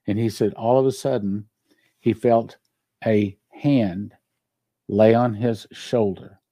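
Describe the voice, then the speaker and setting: Man preaching with a dark, dry voice. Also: mid-range voice, steady tone, measured pace, dry recording. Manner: earnest storytelling preacher, reads scripture aloud. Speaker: pastor. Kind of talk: sermon.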